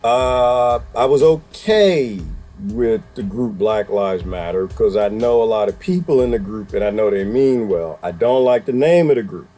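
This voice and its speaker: Animated, emphatic man, dark voice. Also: medium pitch, a little slow. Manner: animated, emphatic, rhetorical questions; colloquial, laughs while talking. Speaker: vlogger commenting on a clip. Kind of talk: casual reaction commentary.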